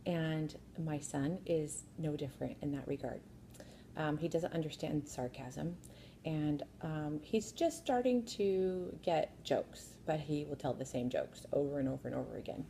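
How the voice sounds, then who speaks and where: Woman, mother, casual storytelling, wry, low voice, faint background noise. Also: a little slow, gravelly, dark tone. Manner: wry, laughs at herself. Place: sitting at a home kitchen bar.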